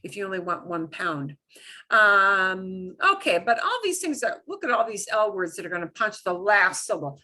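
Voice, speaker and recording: A woman's voice: mid-range voice, expressive, normal speed, bright, forceful tone. A woman teaching a beginners' Spanish class, patiently drilling pronunciation and having students repeat words. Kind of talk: online class lesson.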